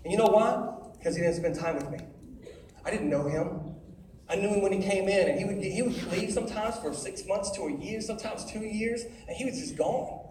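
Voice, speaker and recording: High-voiced man preaching in an echoey hall. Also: brisk. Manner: animated, calls for audience responses. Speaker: youth speaker. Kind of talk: sermon. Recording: echoey hall from far off with faint noise.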